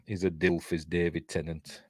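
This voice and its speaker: A man's voice: deep voice, level tone, moderate pace, breathy edge, dry recording, clean studio sound. An older man with a Yorkshire accent hosting a live-stream news show, reading entertainment stories aloud with chatty, rambling asides and self-mocking jokes.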